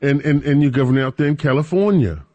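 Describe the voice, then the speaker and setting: A man hosting a weekend talk radio show, chatting casually and rambling with drawn-out emphasis into a studio microphone. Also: on the high side, a little mellow.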